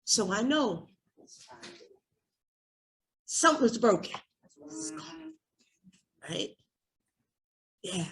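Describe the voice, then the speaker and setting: A woman's voice: medium pitch, animated, extremely slow, pauses often, a bit bright. A woman giving an emotional personal share at a recovery workshop, raw and candid, cursing freely and repeating herself.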